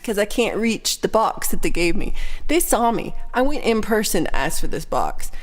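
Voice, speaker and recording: A woman in her thirties or forties hosts a casual livestream chat, an animated storyteller who rants, swears freely, and reads out viewer comments. Her voice is medium-pitched and her speed normal.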